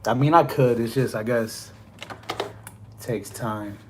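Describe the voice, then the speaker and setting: A man's voice: medium pitch, slow pace, slight background noise. A man who drives trucks chatting casually on a live stream, rambling with lots of fillers. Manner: rambling, filler-heavy, "you know" constantly.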